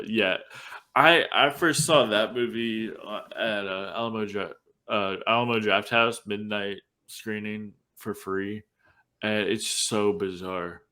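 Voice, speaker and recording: A man with a fairly low voice hosts a laid-back horror movie podcast. He rambles as he talks, and he restarts his sentences often. His speech is filled with loose "like"s. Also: pushed and bright. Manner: rambling retelling full of "like" and restarts. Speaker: podcast host. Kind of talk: casual film-review chat.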